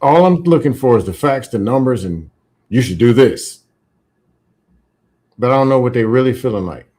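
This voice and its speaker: A man's voice: mid-range voice, lively intonation, fast talker, darkish tone. Reflective man telling candid stories. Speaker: podcast host. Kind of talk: casual conversation.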